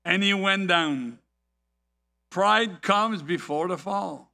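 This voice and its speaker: A man preaching a sermon, deliberate and full of rhetorical questions and anecdotes. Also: high voice, gravelly, sharp tone.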